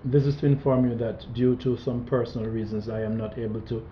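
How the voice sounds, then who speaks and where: A man reading a formal letter aloud in a plain, steady way. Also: medium pitch, a little fast, noisy background. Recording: roomy, muffled recording.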